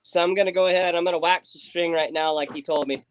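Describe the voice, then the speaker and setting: A man's voice: on the high side, steady tone, fast, smooth, dry recording, rough recording. A man chatting casually on a livestream, rambling with lots of fillers while he waxes a bowstring. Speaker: livestream guest. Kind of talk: casual chat.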